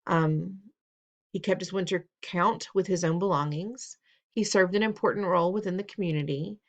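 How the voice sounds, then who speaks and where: Lady teacher going over test questions, lowish voice, patient, kinda playful. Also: normal speed. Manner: patient, instructive, playful teasing; repeats instructions, asks the listener questions. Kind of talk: recorded test-prep lesson.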